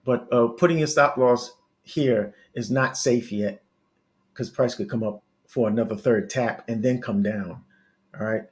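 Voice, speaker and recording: Halting man teaching forex live. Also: mid-range voice. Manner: thinks aloud while working charts, halting with restarts; coaching, talks straight to viewers. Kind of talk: live market analysis stream.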